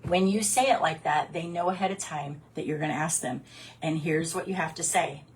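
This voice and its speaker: A woman who works as a direct sales consultant, giving her team casual coaching and acting out customer conversations in lively quick put-on voices. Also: deep voice, slight background noise. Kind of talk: casual training talk with storytelling.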